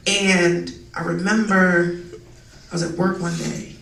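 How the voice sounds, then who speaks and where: A woman performing a profane, animated stand-up set on a live comedy club stage. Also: lowish voice, takes it slowly, gravelly. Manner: profane, animated, acts out quoted voices. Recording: echoey room, distant mic, crowd noise. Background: audience laughter.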